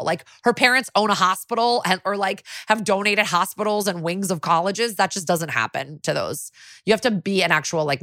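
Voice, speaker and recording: A woman's voice: fairly low pitch, bright, forceful tone, no room sound, studio quality. A woman co-hosting a podcast, recapping in a casual, chatty way, full of "like" and the odd swear word. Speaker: podcast co-host.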